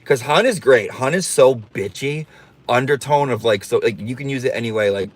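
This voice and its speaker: A man's voice: mid-range voice, expressive, normal speed. A man hosting a casual livestream, campy and sassy, swearing freely and reading out viewer comments. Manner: reads viewer comments aloud. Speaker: livestream host.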